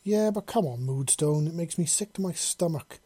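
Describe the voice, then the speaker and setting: A man's voice: on the high side, moderate pace, warm tone, no echo, lightly acted. A man doing a whiny young soldier. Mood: whining. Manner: whining, dramatic.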